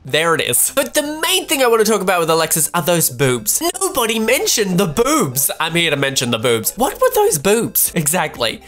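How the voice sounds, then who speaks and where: A man's voice: high voice, wildly swooping pitch, normal speed, hardly any pauses, fairly bright tone. Rambling young man. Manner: chatty, rambling, self-deprecating. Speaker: vlogger. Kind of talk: casual recap chat. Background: faint background music.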